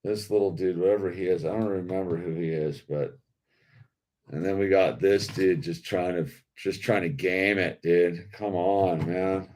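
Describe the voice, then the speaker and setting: A laid-back man hosting a toy-building video, his voice sitting on the low side. He talks slowly and loosely in slangy casual commentary, peppering it with dude and man. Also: steady tone, a little mellow.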